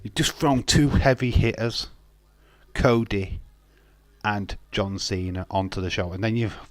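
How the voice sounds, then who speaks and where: In a low voice that runs a little slow on a dry recording, a Yorkshire man hosts a live watch-along. His casual reaction chat is opinionated and full of laughs, and he jumps from one topic to another.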